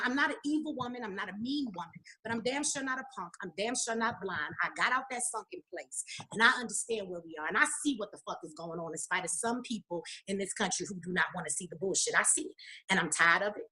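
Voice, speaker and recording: A woman guest speaks fast and bluntly, defiant and swearing freely. Her voice is bright, with a husky edge. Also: mid-range voice. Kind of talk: interview guest.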